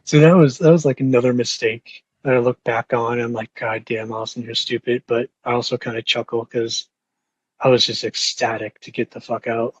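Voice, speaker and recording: A man's voice: medium pitch, steady tone, moderate pace, husky, no room sound, muffled recording. A young man telling a rambling, profane story with lots of fillers and restarts in casual podcast talk. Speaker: podcast host.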